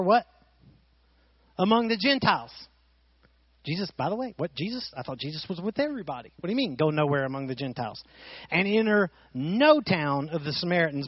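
A man preaching with a high voice, animated and full of rhetorical questions to his listeners. The sound is dry and a bit dull, as if it came off a modest recording. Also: no room sound. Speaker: pastor. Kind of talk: sermon.

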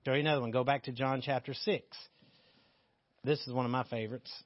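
A man's voice: mid-range voice, fairly even intonation, quick pace, no room sound, lo-fi sound. A man teaching a Bible passage in a casual, candid way, joking as he reads and explains scripture. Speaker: preacher.

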